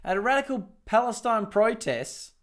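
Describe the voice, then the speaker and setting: A man's voice: high voice, very animated, normal speed. An Australian man hosting a commentary video, talking casually and mockingly over clips. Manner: mocking, sarcastic, laughs at clips. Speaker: political commentary host.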